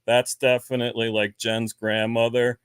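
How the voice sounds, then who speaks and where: A man with a New Jersey accent tells stories in a casual chat and acts out the voices of the people in them. His voice sits at a middle pitch. The sound is dry and close. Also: moderate pace, clear, resonant tone, no echo. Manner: animated storyteller, acts out quoted voices. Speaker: guest beekeeper.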